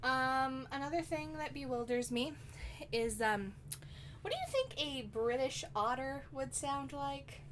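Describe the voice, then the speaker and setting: A woman co-hosts a casual podcast chat, her voice sitting a little high. She talks in an emphatic, giggly way and often breaks into laughter. A faint hiss runs underneath the recording. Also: animated, unhurried, fairly bright tone. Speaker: podcast co-host.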